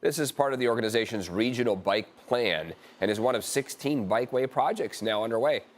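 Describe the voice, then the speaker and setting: A male morning news anchor with an American accent, reading stories in a measured, even way. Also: mid-range voice.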